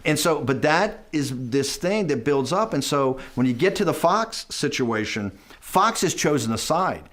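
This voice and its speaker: A man's voice: fairly high pitch, a little slow. A man being interviewed who tells stories emphatically and rambles through them, often tagging his points with "right?" and "okay?". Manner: animated, mimics others in quoted asides. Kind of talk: conversational interview storytelling.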